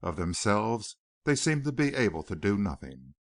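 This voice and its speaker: A wry, articulate newspaperman who speaks up for his colleagues, read by a man in an audiobook. The low voice moves lively up and down. It is recorded close and dry. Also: moderate pace, no room sound. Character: wry male newspaper reporter.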